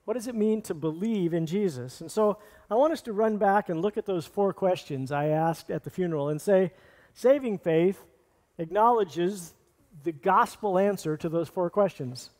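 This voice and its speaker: A pastor preaching a sermon in an earnest, plainspoken way, reading scripture and stopping to restart phrases. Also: male voice, high-pitched, moderate pace, a little mellow, in a large hall. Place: church sanctuary.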